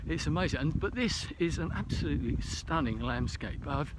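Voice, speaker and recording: A man's voice: a little high, expressive, normal speed, very noisy. A man talking casually to a camera while hiking a snowy mountain trail, a little out of breath, rambling and hesitant with many fillers. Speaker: vlogger.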